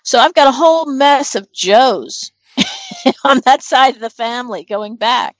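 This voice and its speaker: A woman's voice: high voice, big pitch swings, unhurried, dry recording. A middle-aged woman from northern New Jersey, chatting casually as a podcast co-host, rambling and thinking aloud with many fillers over a remote call. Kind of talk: casual chat.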